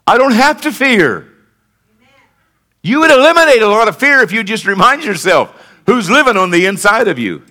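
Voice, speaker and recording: Animated, bright-voiced male pastor preaching. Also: high voice, normal speed. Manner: conversational preaching, rising to emphatic declarations. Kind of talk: sermon.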